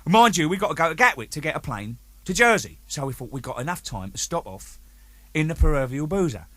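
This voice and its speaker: A man's voice: a little high, a little fast, dry recording. A man telling rowdy anecdotes full of swearing and acted-out voices, played from an archive recording. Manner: animated, swearing, acts out voices. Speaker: storytelling guest.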